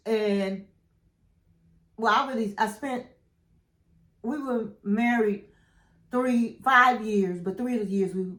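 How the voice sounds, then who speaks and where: A woman's voice: on the high side, a bit bright. A middle-aged woman recapping a reality show in casual chat, telling the story with sassy asides and acted-out quotes. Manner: emphatic "okay?" and "honey" asides. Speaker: recap channel host. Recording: echoey room.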